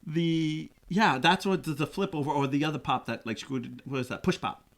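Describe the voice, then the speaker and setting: A middle-aged man from Rhode Island hosting a podcast in casual chat, often laughing and slipping into silly voices. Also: moderate pace. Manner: animated, jumps into high silly voices when quoting, laughs often. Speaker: podcast host.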